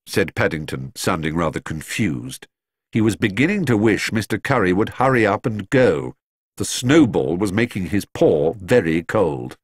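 A man narrating a children's storybook in an expressive, lilting reading voice. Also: sits low, normal speed, dry recording, clean studio sound. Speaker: audiobook narrator.

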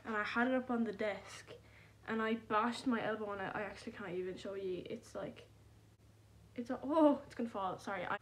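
A young woman, chatting casually and rambling with self-deprecating humor in a vlog filmed on her phone at home. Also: mid-range voice. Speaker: vlogger. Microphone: phone camera.

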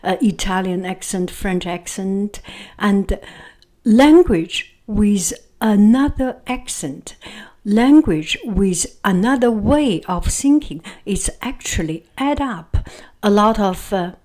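Slow-speaking Chinese-accented woman. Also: mid-range voice, animated, mellow. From China. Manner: repeats words, halting phrasing with fillers. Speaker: vlogger. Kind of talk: casual reflective monologue.

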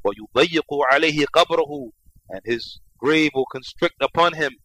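Male lecturer, fairly high voice, quick delivery, alternates rapid Arabic recitation with repetitive English explanation; dry recording. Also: sing-song, creaky, bright, forceful tone, rough recording. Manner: reads Arabic quickly then explains in English, repeats phrases. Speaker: religious lecturer. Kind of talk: Islamic lecture.

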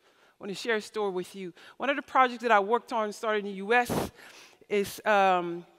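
A female keynote speaker addresses a big conference hall, animating her anecdotes and acting out the voices of those she quotes. She speaks at normal speed with a medium pitch and a fairly bright quality, and the recording carries the hall's echo.

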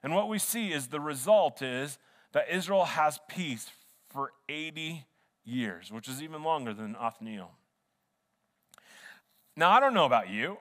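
A fairly high, slightly bright male voice delivers a sermon, animated but unhurried, with long pauses. The pastor is earnest and chatty, restarting sentences often, and the long hall reverb of the church sanctuary surrounds him.

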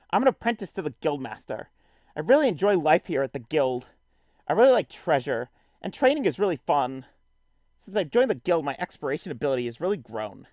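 A man's voice: a little high, darkish tone, no room sound, clean studio sound. A man voicing an easily embarrassed female flower creature in a video game, talking like a Valley Girl. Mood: chirpy.

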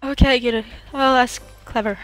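A woman from Norway playing a co-op video game, panicking and shrieking with excitement. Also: on the high side, moderate pace, faint music behind. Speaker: gamer. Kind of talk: let's play co-op commentary.

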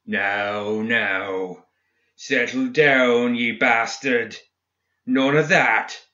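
A man's voice: medium pitch, fairly even intonation, extremely slow, pushed and bright, roomy sound. A man voicing a man turning into a maniacal monstrous brute, bellowing and laughing wildly. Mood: menacing. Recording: dull lo-fi recording.

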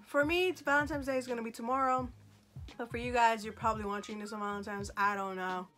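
A woman's voice: fairly high pitch, steady tone, fast. A woman vlogger chatting casually to camera in a sassy, joking, self-mocking way. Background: faint background music.

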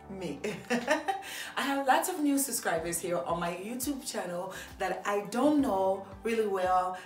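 Woman, 30s, Ivorian French accent, cheerful chatty vlogger in an echoey room with soft music underneath. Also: mid-range voice. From Ivory Coast. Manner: upbeat, chatty, laughing often. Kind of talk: casual get-to-know-me vlog.

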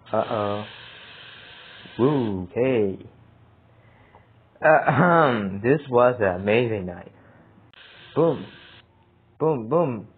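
Husky man's slow, tinny gaming commentary. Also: fairly low pitch. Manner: excitable, yelps and laughs at scares, talks to himself. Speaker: gamer playing a horror game. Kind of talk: let's play commentary. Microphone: phone mic. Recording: tinny phone-like sound.

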